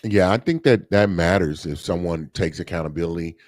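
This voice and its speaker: A man co-hosts a podcast in casual discussion, thinking things through thoughtfully with fillers and restarts along the way. His voice is deep and fairly quick, captured in clean studio sound with no room sound.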